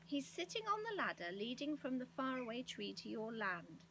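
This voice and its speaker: A woman's voice: fairly high pitch, big pitch swings, normal speed, a bit bright, a little hiss or hum. A woman voicing a patient, sensible young boy in a storybook. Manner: patient, firm.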